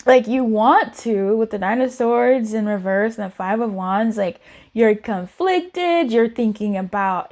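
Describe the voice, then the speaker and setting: A woman's voice: fairly high pitch, animated, unhurried, darkish tone. A woman giving a casual tarot reading in a chatty, giggly, playful way. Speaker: tarot reader.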